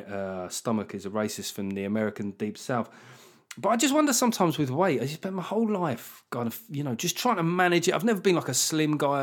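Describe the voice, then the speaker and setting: A middle-aged man hosting a comedy podcast alone, talking in a sweary, self-mocking way with animated asides. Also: medium pitch. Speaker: podcast host. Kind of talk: solo comedy podcast monologue.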